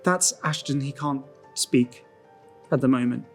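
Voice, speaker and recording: A timid young man who keeps to the corner and trusts no one, as a man plays him in a tabletop game. His replies come out hesitant and muted, at a middling pitch. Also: measured pace, faint music behind, natural voice. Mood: wary.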